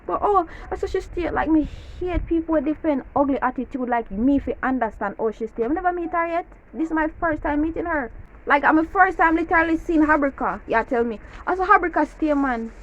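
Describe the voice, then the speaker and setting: A young Jamaican-accented woman vlogs casually, ranting animatedly in heavy patois about her pet peeves. Her voice is high-pitched and a little fast, on slightly dull lo-fi audio with faint hiss.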